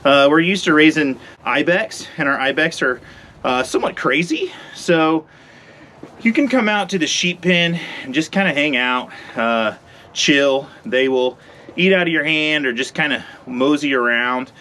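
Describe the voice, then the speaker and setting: Out in the cold by a sheep pen, a slightly breathless man rambles easily to the camera for his ranch vlog. His voice is a little high, animated and sharp at a measured pace, with a slight hiss or hum in the recording.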